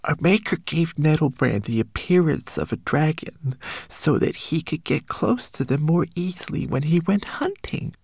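A tiny, tearful homunculus servant, his voice high and trembling as he pleads. The voice leaps and swoops with a gravelly edge. It is recorded close and dry. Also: a little mellow, no echo, full character voice. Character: small, tearful, timid male homunculus servant. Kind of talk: audiobook character voice.

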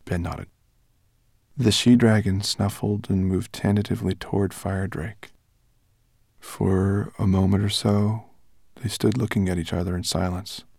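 A man reading a fantasy story aloud in a measured storytelling manner. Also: deep voice, fairly even intonation, creaky, a little mellow, no room sound, studio quality. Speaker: audiobook narrator. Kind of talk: scripted narration.

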